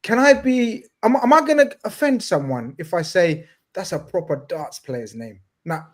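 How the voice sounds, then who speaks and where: Man, live-stream host, excitable, casual swearing, slightly high voice. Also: moderate pace.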